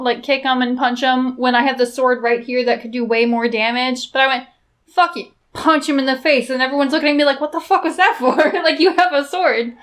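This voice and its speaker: A woman co-hosting a podcast in casual chat, animated and swearing freely. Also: a little high. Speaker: podcast co-host.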